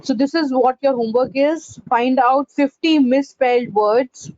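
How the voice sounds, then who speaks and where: A woman teaching a pronunciation class, halting with fillers and repeating corrected words in a slow drill. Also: high-pitched, a little mellow, no echo, lo-fi sound. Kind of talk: online class lesson.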